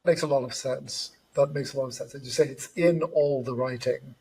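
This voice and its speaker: A man interviewing in a relaxed conversation, telling stories with animated enthusiasm. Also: mid-range voice, normal speed, breathy edge. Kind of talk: reflective conversation.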